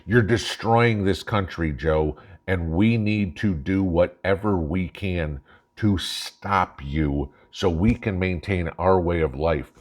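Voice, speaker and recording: Brief: low-pitched male host, angry ranting monologue, blunt, profane, mocking. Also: takes it slowly. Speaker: channel host.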